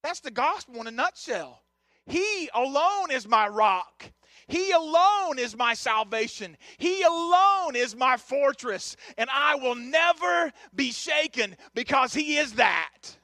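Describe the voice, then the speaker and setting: A middle-aged man preaching an impassioned sermon, building to shouted, repeated phrases. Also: very high-pitched, animated, slow, no echo. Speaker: pastor. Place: church sanctuary.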